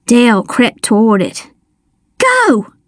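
A woman reading a first-person children's adventure story aloud, measured and suspenseful, on a close mic. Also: fairly high pitch, darkish tone, no room sound. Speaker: audiobook narrator.

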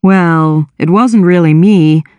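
A woman's voice: lowish voice, dark tone, clear, resonant tone, no room sound. A woman voicing a guilty, defensive younger teenage brother who whines and hurries to justify himself. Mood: sheepish. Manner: whining, sheepish and quick to justify himself.

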